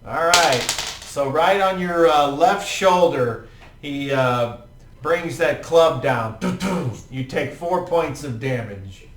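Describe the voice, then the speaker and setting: Male game master, casual and profane, slow delivery, room echo. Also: a little high, a little hiss or hum. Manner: laid-back, profane, vivid play-by-play. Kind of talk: narrating a tabletop game. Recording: roomy, distant mic with faint ambience.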